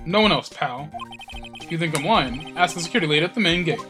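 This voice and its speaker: A man's voice: a little high, lively intonation, fast, close to an everyday voice. A man voicing a dim but eager male police detective in a game, with a folksy, dopey drawl that keeps calling people pal. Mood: insistent. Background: game music.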